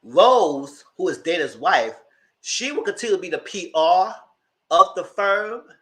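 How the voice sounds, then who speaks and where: Animated man with a bright lively voice. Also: a little slow. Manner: animated storytelling, acting out quotes with big pitch jumps. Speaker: TV recap commentator. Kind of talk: casual recap chat.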